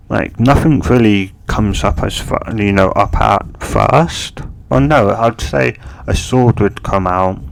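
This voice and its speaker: A man's voice: on the low side, gravelly, slight background noise. A man improvising a fan-fiction story, rambling and hesitant, full of fillers and restarts.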